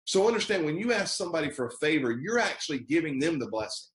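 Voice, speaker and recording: A man's voice: a little high, sing-song, fast talker, echoey room, poor audio. An American man giving a motivational sales training over a video call, emphatic and repeating key phrases, acting out sample phone calls.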